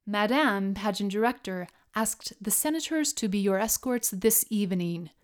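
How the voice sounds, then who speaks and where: A woman's voice: mid-range voice, moderate pace, smooth, natural voice. A woman voicing a cheerful young man who speaks in an exaggerated, sophisticated accent, for a memoir audiobook. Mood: playful.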